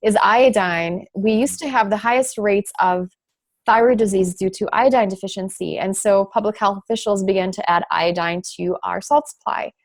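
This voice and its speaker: A woman's voice: medium pitch, moderate pace. A woman pharmacist speaking as a guest in a podcast interview, explaining thoughtfully with frequent fillers and restarts. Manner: lightly sarcastic at times. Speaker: guest, thyroid specialist pharmacist.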